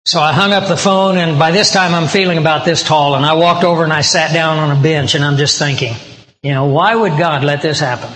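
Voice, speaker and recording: A man's voice: fairly high pitch, steady tone, a little fast, bright, forceful tone. A male pastor preaching a sermon as a personal story, talking conversationally and acting out the dialogue he quotes. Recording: roomy hall with long reverb.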